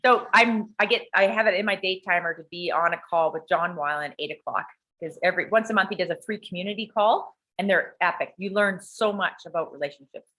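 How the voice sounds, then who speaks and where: A woman with a bright, forward voice tells a personal story in a casual, chatty way. She restarts her sentences and acts out her own reactions as she goes. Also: lowish voice, brisk, poor audio. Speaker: person recounting a personal experience.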